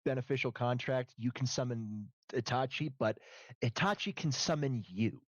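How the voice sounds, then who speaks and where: A man's voice: medium pitch, normal speed, dry recording, highs cut off. A man acting as game master in a streamed tabletop role-play, patiently explaining the rules.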